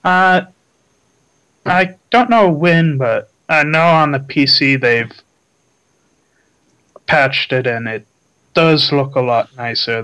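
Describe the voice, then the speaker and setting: A man co-hosting a casual gaming chat, relaxed and trailing off with filler words. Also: mid-range voice, clean tone, poor audio. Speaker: podcast co-host.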